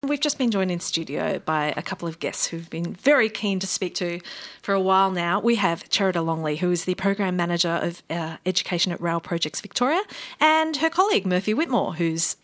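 A woman's voice: on the low side, lively intonation, brisk, fairly bright tone. An Australian woman hosting a community radio show, chatting casually with fillers and easy asides. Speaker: radio host. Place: radio studio.

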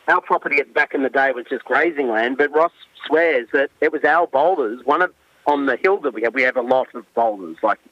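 A man's voice: medium pitch, fairly quick, dry recording, lo-fi sound. An Australian man in his forties, a winemaker guest, telling stories in a chatty, enthusiastic way with many fillers. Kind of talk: casual storytelling.

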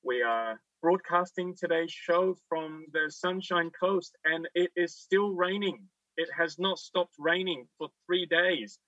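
An Australian man hosting a talk radio panel, with a bright, forceful voice. He is chatty and optimistic, and he pauses often with "um" and "you know" while he thinks aloud. He sits a little back from the microphone in a dry room. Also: on the high side, no echo, recorded from a distance, dull audio. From Victoria, Australia. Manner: chatty and upbeat, thinks aloud with many fillers. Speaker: radio host.

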